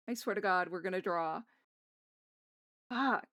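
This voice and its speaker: A woman's voice: fairly low pitch, unhurried, fairly bright tone. A young woman streaming live as she draws, muttering to herself in a frustrated, self-mocking way and swearing often. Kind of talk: casual live-stream chatter while drawing.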